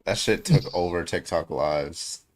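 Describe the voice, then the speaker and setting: A man's voice: low voice, unhurried. A man hosting a livestream debate, chatting casually and laughing often. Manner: laid-back, laughs often. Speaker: stream host.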